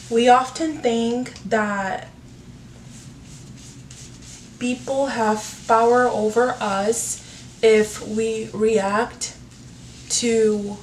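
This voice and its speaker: A woman hosting a casual advice talk, speaking earnestly with many filler words. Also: mid-range voice. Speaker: YouTube talk host. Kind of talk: casual advice talk while doing her hair. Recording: roomy, from a distance, faint noise.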